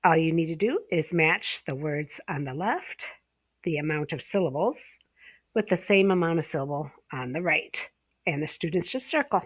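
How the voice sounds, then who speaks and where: Low-pitched woman, ESL pronunciation instructor, casual teaching talk, dry close sound. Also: expressive, husky, no echo. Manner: casual, fillers, drawn-out example words.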